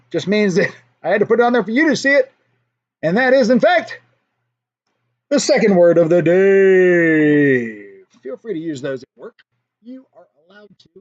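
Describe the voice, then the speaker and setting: A man hosting a casual livestream, telling jokes and chatting with his viewers. His voice sits high and swings widely in pitch. The audio is dull and lo-fi. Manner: animated, playful, chuckles at his own jokes. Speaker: livestream host.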